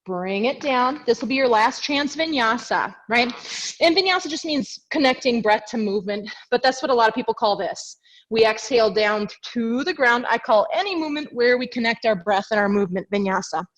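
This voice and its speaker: A woman leads a yoga class over a video call mic, her fairly high, fairly bright voice brisk and lively in intonation. Doing the moves alongside the class, she gives chatty cues, corrects herself and sounds a little out of breath.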